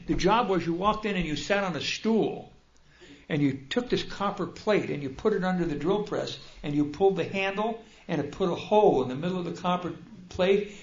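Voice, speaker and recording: An older man, a speaker at a recovery convention, tells his personal story in a humorous, self-deprecating and animated way. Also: high voice. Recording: dull, roomy hall recording.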